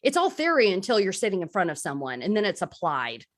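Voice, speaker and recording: A woman's voice: mid-range voice, huge pitch swings, quick pace. Candid self-deprecating woman speaker. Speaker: crisis support speaker. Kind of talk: casual recovery talk, live stream.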